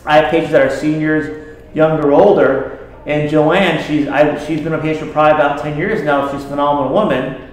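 A man's voice: fairly high pitch, fairly even intonation, brisk. A man who treats patients, talking casually to a group and telling stories about his patients. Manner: conversational, tells patient stories. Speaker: health practitioner treating patients. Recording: very echoey room.

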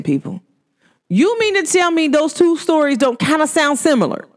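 A woman telling stories in a casual podcast monologue, speaking with slangy, animated delivery and laughing often as she acts out what people told her. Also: sits high, a little fast, some chatter behind. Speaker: podcast host. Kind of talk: casual spiritual storytelling monologue.

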